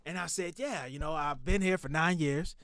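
A man in his thirties on a podcast, telling a personal story in a heated, profane, animated way. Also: a little high, moderate pace, no echo, clean studio sound. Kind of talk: casual storytelling.

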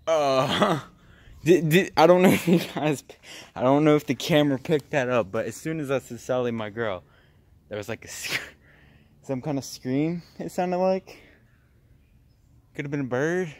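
A man's voice: a little high, measured pace, pauses often. A young man vlogging as he explores a cold outdoor tunnel, rambling and out of breath, easily startled by sounds. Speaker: paranormal vlogger. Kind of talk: casual vlog exploring a tunnel.

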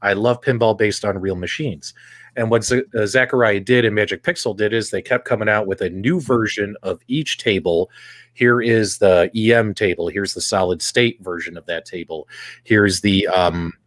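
A man's voice: fairly low pitch, normal speed, a bit bright, dry recording. A man hosting a gaming podcast, talking animatedly and putting questions to his co-hosts. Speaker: podcast host. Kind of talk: casual podcast chat.

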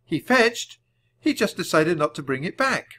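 A man voicing a cheerful, eager young girl in a children's audiobook reading, with bright, excited calls. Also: high-pitched, normal speed, pitched above the performer's own voice, exaggerated voice.

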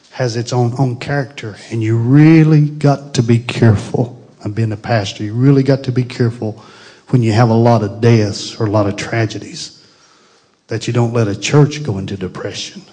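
A middle-aged pastor preaching a Pentecostal sermon, moving from grief to fervent praise. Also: male voice, medium pitch, fairly even intonation, moderate pace, slightly rough. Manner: grieving then rising to fervent shouted praise.

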